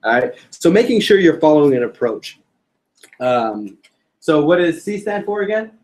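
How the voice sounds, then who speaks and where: A man's voice: a little high, big pitch swings, normal speed, a little mellow. A young man giving a casual sales training talk to a group, joking and quizzing his listeners. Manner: casual, joking, addresses audience with questions.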